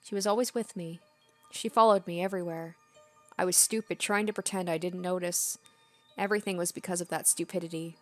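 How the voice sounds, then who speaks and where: A woman's voice: on the low side, steady tone, brisk, faint music behind, close to an everyday voice. A woman reading the lines of a disturbed teenage girl from a visual novel, repeating herself feverishly. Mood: frantic. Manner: feverish, repetitive apologizing.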